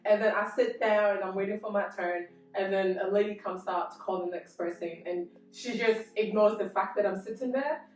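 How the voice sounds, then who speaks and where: A woman's voice: mid-range voice, normal speed, hardly any pauses. A young woman with a slight Australian accent telling a story in a casual group discussion, acting out the dialogue. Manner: animated storyteller, acts out dialogue. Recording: roomy room, distant mic, faint music.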